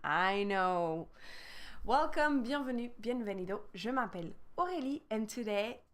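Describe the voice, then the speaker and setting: A woman's voice: mid-range voice, lively intonation, measured pace, fairly bright tone. A woman with a French accent giving a casual, chatty live-streamed French lesson, switching between French and English and laughing often. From France. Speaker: French teacher.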